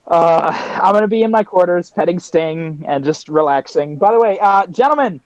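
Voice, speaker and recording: A man's voice: high-pitched, lively intonation, moderate pace, few pauses, dry recording. A man playing a tabletop game, chatting casually and narrating what his character does. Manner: chatty, narrates own actions. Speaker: tabletop player. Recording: dull lo-fi dry sound.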